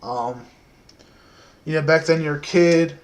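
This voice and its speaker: A man in his twenties telling a story casually to the camera, soft-spoken and rambling, with many fillers. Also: fairly high pitch, slow.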